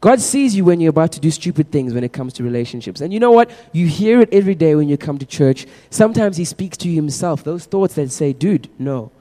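A man's voice: a little high, fast, hardly any pauses. A young man, giving a casual, humorous testimony as a sermon to a congregation. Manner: casual, animated storytelling with humor. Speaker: preacher. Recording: echoey hall reverb.

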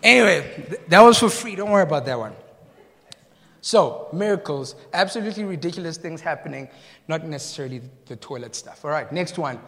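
High-voiced storytelling pastor in a reverberant hall. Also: male voice, animated, fairly quick, vocal fry, a bit bright. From South Africa. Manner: storytelling, laughs at own jokes, asks the congregation questions. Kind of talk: sermon. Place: church hall.

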